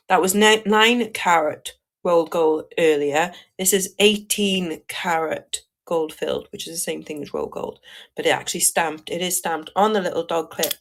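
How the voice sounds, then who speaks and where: A woman from Wales with a Welsh accent, chatting casually while selling jewellery on a live stream and greeting viewers. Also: lowish voice.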